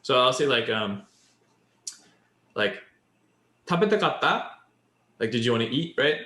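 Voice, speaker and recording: A man co-hosts a podcast in relaxed casual chat, explaining Japanese by stacking one example after another. His voice sits at a middling pitch. The room around him gives it a roomy echo. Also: normal speed. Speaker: podcast co-host.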